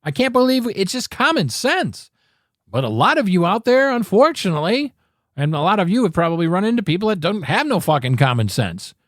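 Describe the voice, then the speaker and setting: A man's voice: high voice, sing-song, brisk, dry recording, studio quality. A man hosting a political talk show, ranting with angry, sarcastic emphasis and frequent swearing.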